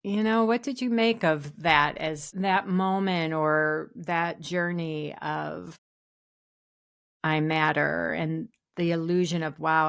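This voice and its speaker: A woman's voice: low voice, gravelly. A woman hosting an interview, reflecting aloud on her guest's story and asking follow-up questions. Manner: reflective, thinks aloud with fillers. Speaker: podcast host. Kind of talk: interview conversation.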